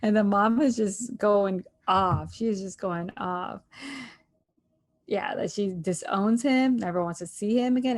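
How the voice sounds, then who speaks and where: A woman hosting a casual chat, retelling events in an animated, storytelling way. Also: mid-range voice, measured pace. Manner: animated storyteller, acts out quotes. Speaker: podcast host.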